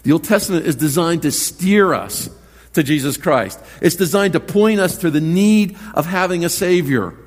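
A man's voice: fairly high pitch, animated, normal speed. A man preaching a sermon as pastor, earnest and conversational, often repeating words as he starts a thought. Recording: long hall reverb.

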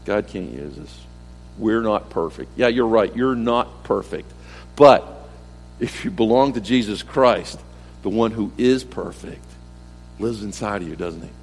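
Preaching in a conversational style with lively intonation at a measured pace, this middle-aged male pastor sounds slightly rough, his voice echoing with long hall reverb. Rhetorical questions and repeated key phrases fill his sermon, which alternates emphatic moments with soft, low ones.

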